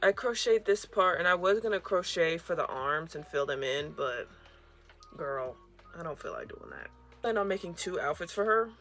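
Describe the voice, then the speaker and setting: A young woman crafting and chatting to the camera in her bedroom, expressive, moving between weary grumbling and excited squeals. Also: lowish voice, moderate pace, faint music behind. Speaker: crochet vlogger. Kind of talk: casual craft vlog, talking to camera.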